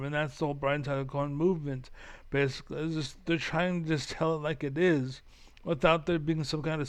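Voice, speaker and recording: A man's voice: fairly high pitch, clean tone. A man ranting casually while reacting to political videos, rambling and profane, full of fillers and restarts. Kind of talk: casual rant.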